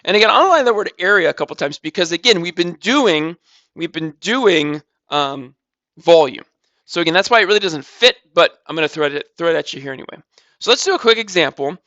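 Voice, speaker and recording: A man's voice: on the high side, expressive, fairly quick, bright, forceful tone, dry recording, dull audio. A man teaching a recorded math lesson, walking through calculations step by step in a casual way and repeating numbers.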